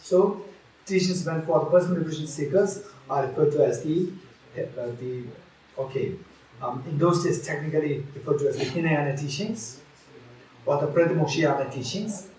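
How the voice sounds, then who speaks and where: A man's voice: on the high side, moderate pace, darkish tone, very echoey, far from the mic, poor audio. A man giving a Buddhist teaching at a retreat, repeating key phrases and restarting often.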